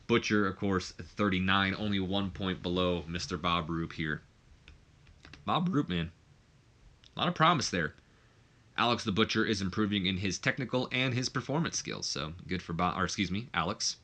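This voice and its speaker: Bright-voiced casual game commentator. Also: male voice, sits low, expressive, moderate pace. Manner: rambling, self-correcting. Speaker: let's play host.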